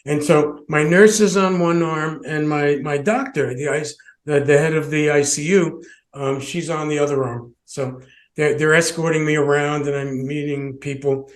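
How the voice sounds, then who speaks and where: A man's voice: a little high, steady tone, normal speed. A man who hosts a podcast, telling a personal story with many restarts and short laughs. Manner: rambling, many restarts, laughs between phrases. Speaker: podcast host.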